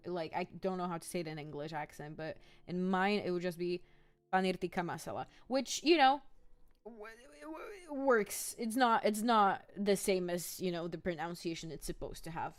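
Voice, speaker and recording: A woman streamer chatting casually and rambling as she reads chat messages aloud. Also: lowish voice.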